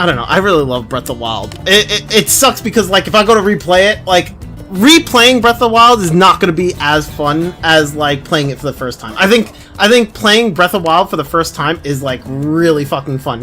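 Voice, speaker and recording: A man streaming a game, chatting casually in a lively, indignant way, swearing and laughing often. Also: sits high. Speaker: livestreamer.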